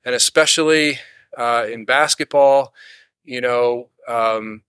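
A man teaching a church Bible study lesson in a steady explanatory way, asking rhetorical questions and sometimes acting out quoted complaints. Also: mid-range voice, slow pace, smooth, dry recording, studio quality. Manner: acts out quoted complaints in animated bursts.

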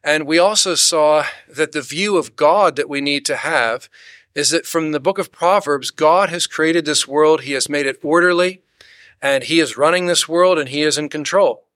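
A man teaching a church Bible study lesson in a steady explanatory way, asking rhetorical questions and sometimes acting out quoted complaints. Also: fairly high pitch, normal speed, no echo, studio quality. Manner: acts out quoted complaints in animated bursts.

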